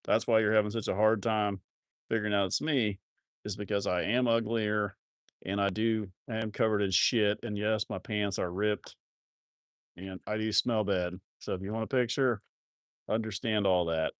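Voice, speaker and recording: A low-voiced man hosts a casual livestream from his farm. He rambles through viewer comments with crude, self-mocking humor. His voice is close and dry, with no room echo. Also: steady tone, moderate pace, clean tone. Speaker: livestream host of a cattle farm channel. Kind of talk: casual live-stream chat reading viewer comments.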